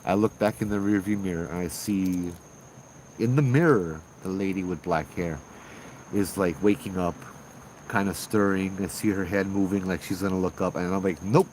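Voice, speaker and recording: A man with a Hawaii local accent telling a ghost story casually, animated, acting out the voices of people in it. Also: sits low, moderate pace, a little hiss or hum, rough recording. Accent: Hawaii local English. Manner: animated, acts out voices in dialogue. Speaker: ghost tour guide and storyteller.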